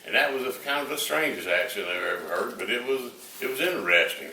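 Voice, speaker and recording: An older man with a Southern drawl spins a rambling, folksy yarn with plenty of fillers. His voice is bright, and he sits back from the mic in a roomy space with a faint hum underneath. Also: lowish voice, animated, fast talker, few pauses, distant mic. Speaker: storyteller. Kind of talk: folksy storytelling.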